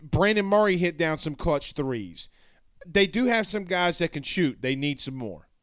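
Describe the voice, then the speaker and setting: A man runs a casual sports stream, reading out fan comments and drifting into folksy tangents. His voice sits a bit high and comes across smooth and resonant. The sound is dry and close. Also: expressive, measured pace, a bit bright, dry recording. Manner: rambling, self-correcting, folksy. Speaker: sports show host.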